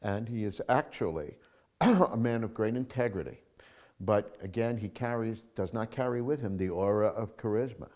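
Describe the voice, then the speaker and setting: Male screenwriter guest, lower voice, emphatic and animated, telling stories in answers. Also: moderate pace. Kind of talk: interview answers.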